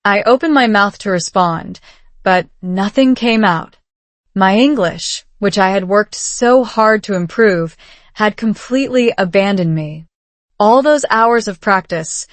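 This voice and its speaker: Woman reading a slow, dry story. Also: medium pitch, dry recording. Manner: slow, clear reading for learners. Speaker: narrator. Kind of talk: slow scripted story narration.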